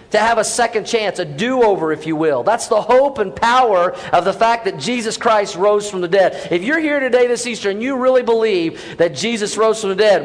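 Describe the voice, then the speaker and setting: A man preaching an Easter sermon, talking casually and putting questions to his congregation. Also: high-pitched. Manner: conversational, asks the audience questions. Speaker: pastor. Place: large church hall. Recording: echoey hall with audience.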